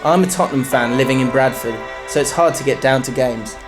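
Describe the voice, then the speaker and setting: A man's voice: mid-range voice, a little fast, music in the background. A man co-hosting a casual football podcast, reading listener stories aloud and joking. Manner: reads listener stories aloud, jokey and swearing. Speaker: podcast co-host.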